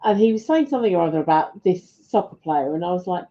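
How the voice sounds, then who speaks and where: A woman's voice: lowish voice, expressive, fast, warm tone, dull audio. An older British woman chatting casually on a live stream, rambling along and laughing often. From Britain. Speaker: co-host of live chat stream. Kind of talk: casual chat.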